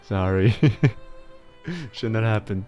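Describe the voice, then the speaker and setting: A young man with a fairly low voice hosts a live stream in loose, casual chat. He rambles between topics, laughs often and curses without restraint. Quiet music plays softly in the background. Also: little pitch movement, takes it slowly, muffled recording. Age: young adult. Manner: swears freely and laughs often, rambling and chaotic. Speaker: streamer host.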